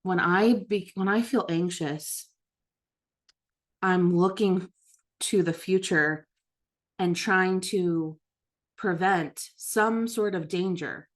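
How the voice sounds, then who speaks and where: A mother leading a book study, talking in a gentle, reflective, casual way about her own habits. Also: on the low side, slow pace, long pauses. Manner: gentle, self-reflective, with occasional laughs. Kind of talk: reflective casual teaching talk.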